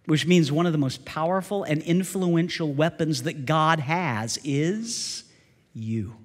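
High-voiced male pastor preaching. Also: slow. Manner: direct, addresses the congregation with questions. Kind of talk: sermon. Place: church sanctuary. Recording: long reverb of a church sanctuary.

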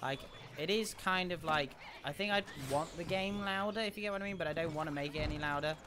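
A man giving excitable, chatty commentary as he livestreams a game, muttering sing-song to himself. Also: fairly high pitch, fast talker, noisy background. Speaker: gaming livestreamer. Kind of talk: live gameplay commentary. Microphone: desk mic, no headset. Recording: game sound clearly behind the voice.

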